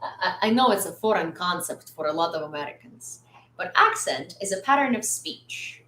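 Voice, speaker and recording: A woman's voice: on the low side, animated, normal speed, sharp tone, a little hiss or hum. Chatty woman hosting a livestream, roomy echo. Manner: chatty, many "like" fillers; blunt, exasperated lecturing. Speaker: livestream news host. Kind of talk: casual livestream chat. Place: room at home.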